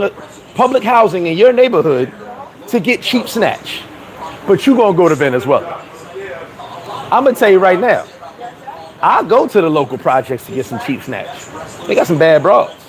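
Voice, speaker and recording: A man with a high, lively voice hosts a casual livestream, talking in a blunt, profane and animated way. His pitch leaps around as he reacts to viewer comments and reads them out. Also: poor audio. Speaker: livestream host.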